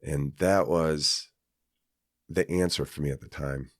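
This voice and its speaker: A man's voice: extremely low pitch, steady tone, slow, no room sound, clean studio sound. A man from Kansas, a podcast guest, telling a personal story in a rambling, casual way with many fillers and restarts.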